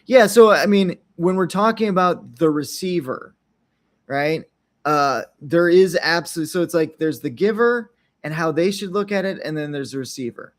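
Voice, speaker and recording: A man's voice: on the high side, normal speed. Rambling man hosting an unscripted podcast. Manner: rambling, frequent tag questions, acts out little quotes. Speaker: podcast host.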